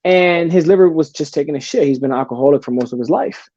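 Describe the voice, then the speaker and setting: A man's voice: fairly high pitch, quick pace, mellow, dry recording, lo-fi sound. A man telling stories as a podcast guest in blunt, profane casual talk, often calling the host brother. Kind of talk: casual storytelling.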